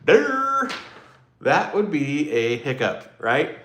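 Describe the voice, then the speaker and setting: A man's voice: medium pitch, animated, moderate pace, a bit bright, slight background noise. Rambling, self-mocking man in an echoey room. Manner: rambling, self-mocking, chatty with live comments. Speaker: livestream host. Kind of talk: casual livestream chat.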